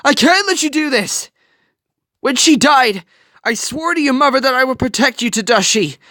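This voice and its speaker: A man voicing a fiercely protective aunt who pleads in desperate shouts. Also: very high-pitched, lively intonation, moderate pace, dry recording, pitched above the performer's own voice, exaggerated voice. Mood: frantic pleading.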